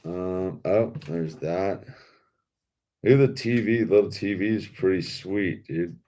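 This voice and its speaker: A laid-back man hosting a toy-building video, his voice sitting on the low side. He talks slowly and loosely in slangy casual commentary, peppering it with dude and man. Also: dark tone.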